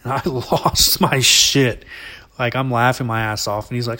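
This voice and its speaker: A man's voice: mid-range voice, fairly even intonation, a little slow, bright, forceful tone. Rambling man telling a story. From Alabama, US. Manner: rambling, profane, laughing often. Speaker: vlogger. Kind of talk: casual storytelling.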